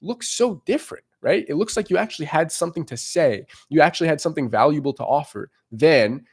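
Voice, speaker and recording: A man's voice: on the high side, expressive, a little fast, slightly rough. A male dating coach talks straight to his viewers in a loose, emphatic monologue. He swears freely and acts out what onlookers might be thinking. He keeps checking in with his listeners by asking "right?".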